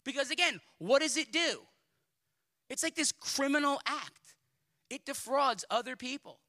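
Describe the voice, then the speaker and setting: A man preaching a sermon as pastor, pleading and emphatic, dropping into casual asides and repeating himself when he builds up steam. His voice sits fairly high and rings with a very bright, forceful, cutting edge. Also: animated, a little slow. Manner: colloquial asides and repeated words.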